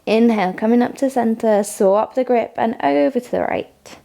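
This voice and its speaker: A woman leading a morning yoga class, giving calm step-by-step cues and frequent praise. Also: on the high side, moderate pace, gravelly. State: has the hiccups. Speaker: yoga instructor. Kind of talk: guided yoga class instruction.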